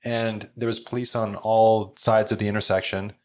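A man's voice: on the low side, flat delivery, moderate pace, a little mellow. A man hosting a casual chat and asking about guests' business, telling his own anecdotes.

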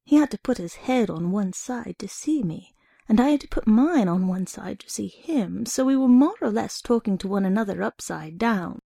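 A woman reading a short story aloud in the first person, steady and wry. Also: mid-range voice, moderate pace, creaky, breathy edge, no room sound, studio quality. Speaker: reader.

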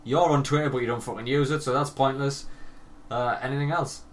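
A man, hosting a casual podcast chat, sweary and joking with loud bursts of laughter. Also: medium pitch, steady tone, fairly quick. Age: 30s. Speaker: podcast host.

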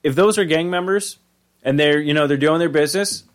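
A man co-hosting a podcast in rambling casual chat, reacting and riffing. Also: on the high side. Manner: rambling, chatty, reacts with quick interjections. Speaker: podcast co-host.

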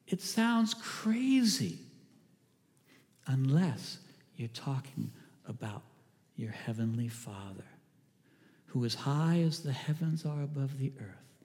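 A man preaching a sermon as a pastor, earnest and warm in his pleading, often dropping to a hushed voice. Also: medium pitch, creaky, long reverb tail. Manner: earnest, drops to a hushed voice for quoted lines. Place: church sanctuary.

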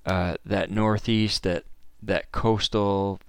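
A man's voice: lowish voice, fairly even intonation, slow pace, clean tone, no echo, studio quality. A man from Maine hosting a podcast, talking in a casual, enthusiastic, conversational monologue. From Maine, USA. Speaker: podcast host.

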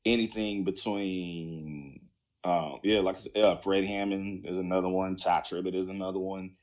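A man with a low-pitched voice, chatting casually about music. He talks in an animated, loose way, laughs easily and circles back to repeat himself. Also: moderate pace. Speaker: musician guest. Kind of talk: casual chat.

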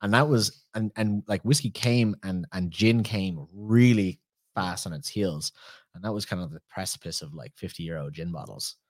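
Irish guy hosting a podcast, really deep voice, dry close sound, wanders through stories. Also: normal speed, no echo. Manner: rambling anecdotal storyteller. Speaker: podcast host. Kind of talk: casual conversational chat.

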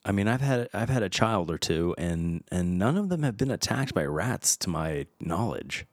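A man's voice: sits low, very animated, normal speed, no room sound. A man in his thirties hosting a podcast, reading film trivia aloud in a wry, chatty way and stumbling over names. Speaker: podcast host.

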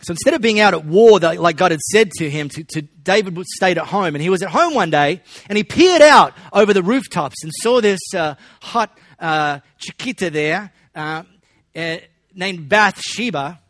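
A man preaching a sermon in a relaxed, conversational way, with joking asides to the congregation. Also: high voice, moderate pace, no room sound, studio quality. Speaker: pastor.

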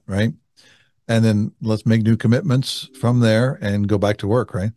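A male interview guest speaking in a reflective way, slowing down to stress key points. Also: on the low side, fairly even intonation, dark tone, dry recording, studio quality. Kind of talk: conversational interview.

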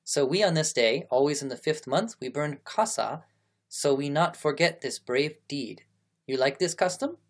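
A man's voice: a little high, lively intonation, normal speed. A man voicing a polite, eager Japanese schoolboy in a stilted period-drama accent. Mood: earnest.

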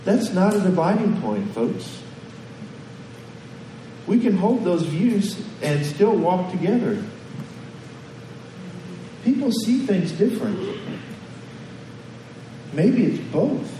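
A man's voice: high voice, very animated, slow, pauses often, dark tone, a little hiss or hum. A man preaching a sermon as pastor, talking conversationally and putting questions to the congregation. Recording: echoey hall from far off.

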